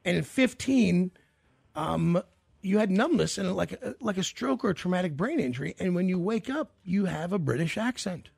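A man's voice: sits high, animated, moderate pace, creaky, a little mellow, slightly rough, dry recording. A man hosting a radio show, chatting casually and jokingly with a caller and often trailing off into fillers. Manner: rambling, jokey, trails off with fillers.

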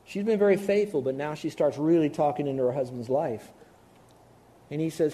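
A man preaching a sermon, animated, acting out the voices of doubters. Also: a little high, fairly quick. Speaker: pastor.

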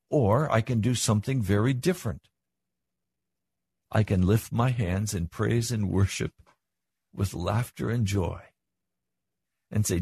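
A man's voice: slow pace, long pauses, darkish tone, slightly rough, no room sound. An older man preaching a sermon as pastor, earnest, with his voice rising for emphasis. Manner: earnest, rises in pitch for emphasis.

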